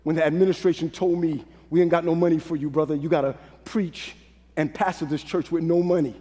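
A man from Brooklyn, a pastor preaching a sermon in call-and-response style, dropping to a hush and rising to shouts. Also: on the high side, fairly even intonation, fairly quick. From Brooklyn, New York. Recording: long hall reverb.

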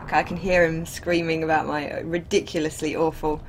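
A woman's voice: sits low, flat delivery, fairly quick, slight background noise. A woman streaming a game, chatting casually and laughing often. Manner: chatty, laughs often, reads chat aloud. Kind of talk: casual live-stream chat.

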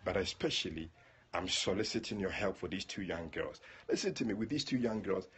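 A man's voice: sits low, expressive, a little fast, slightly rough. A man leading a prayer livestream, chatting casually and addressing viewers by name.

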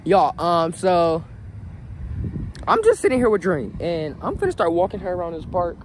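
A young man vlogging on his phone while walking his dog in a park, chatting excitedly to viewers in slangy casual talk. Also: high-pitched, normal speed, low-quality recording. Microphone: phone held in hand. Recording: outdoor phone audio with background noise.

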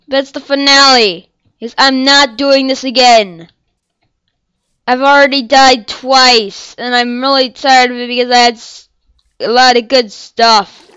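This gameplay channel host is a young woman who talks through her own game in a rambling, apologetic way, shouting and crying out in frustration after she dies. Her voice sits high and smooth, with no room sound, captured on a dull-sounding lo-fi mic.

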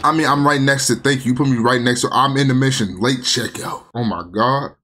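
A young man giving casual, joking commentary while playing a video game, prone to loud exclamations. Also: medium pitch, fairly quick. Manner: excitable, joking, shouts and exclamations. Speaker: gaming video host.

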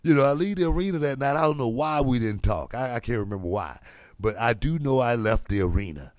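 A man's voice: medium pitch, lively intonation, a little fast, a little mellow, dry recording. Middle-aged guy telling an old story, voice jumps up and down a lot, dry close sound, says "you know" constantly. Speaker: podcast guest. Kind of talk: casual storytelling chat.

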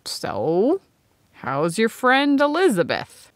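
A woman's voice: fairly high pitch, wildly swooping pitch, takes it slowly, dry recording, pitched above the performer's own voice, exaggerated voice. A woman voicing a teasing young woman friend in an audiobook.

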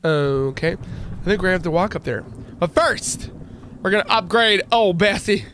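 A man hosting a gaming channel, commenting excitably and joking as he plays. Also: high voice, a little fast, slight background noise. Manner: excitable, jokey, exclaims and laughs often. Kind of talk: let's play commentary.

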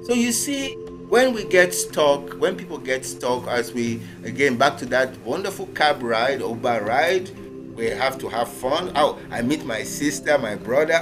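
A man hosting a ministry talk, preaching in an animated way and acting out the voices he quotes. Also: medium pitch, unhurried, music in the background. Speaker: ministry host. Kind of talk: sermon-like conversation.

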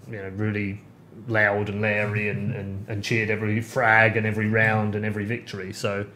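A man in casual podcast chat, telling stories with lively swings of pitch when he gets excited. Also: a little fast. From United Kingdom. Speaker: podcast host.

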